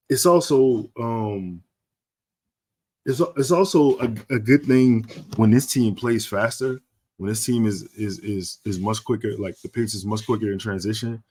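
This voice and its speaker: A man co-hosting a podcast in casual chat, talking with laid-back slang and thinking aloud as he goes. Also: fairly low pitch. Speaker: podcast co-host.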